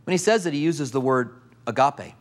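Animated male preacher telling a story. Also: fairly high pitch, a little fast. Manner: vivid storytelling, asks the listeners questions. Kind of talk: sermon.

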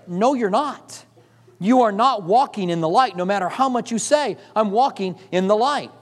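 A man's voice: high-pitched, moderate pace. A middle-aged male pastor preaching a sermon, telling stories and acting out voices of the people in them. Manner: storytelling, acts out voices, laughs often. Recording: long reverb of a large hall.

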